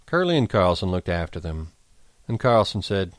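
A man reading a novel aloud in a measured, even storytelling manner. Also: low-pitched, no echo, studio quality. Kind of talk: audiobook narration.

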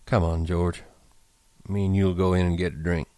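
A man voicing a calm, kindly ranch hand who talks gently and steadily in an audiobook reading. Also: low voice, moderate pace, dry recording, natural voice. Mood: gentle.

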